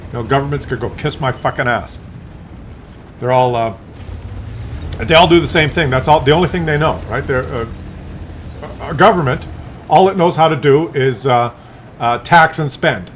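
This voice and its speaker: A streamer with a mid-range voice rants in a rambling, profane monologue packed with fillers and restarts. There's slight background noise.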